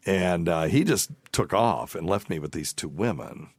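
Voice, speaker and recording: A man's voice: low voice, animated, moderate pace, no room sound, studio quality. A middle-aged man hosting a podcast, telling a crude, rambling anecdote in casual chat. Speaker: podcast host.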